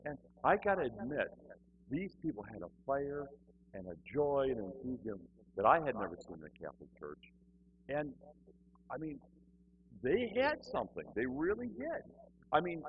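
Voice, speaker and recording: A man's voice: a little high, narrow, tinny audio. A middle-aged man telling a humorous personal testimony, acting out the people in his story as he goes. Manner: animated, acts out other people's voices.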